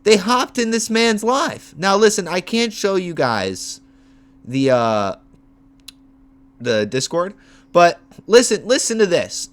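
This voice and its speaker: Animated high-voiced man ranting. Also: slow pace. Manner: animated, heated, profane storytelling. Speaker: streamer and MMA content creator. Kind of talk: livestream rant.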